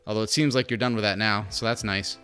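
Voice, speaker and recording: A man's voice: on the low side, steady tone, quick pace, pushed and bright, faint music behind. A man streaming a video game, chatting casually and talking to the game's characters. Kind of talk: casual gameplay commentary.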